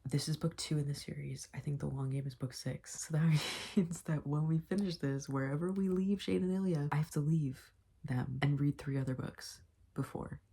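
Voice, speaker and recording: A woman's voice: moderate pace, mellow. A young woman rambling and gushing about a book she is reading, with lots of filler words, in a casual home vlog. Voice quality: low, creaky and husky. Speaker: booktuber.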